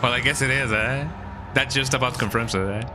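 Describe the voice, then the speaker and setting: Chatting casually as he streams a game, a Spanish-speaking man rambles playfully, frequently ending lines with "eh?" and breaking into silly sing-song. His medium-pitched voice is brisk, and there is background noise.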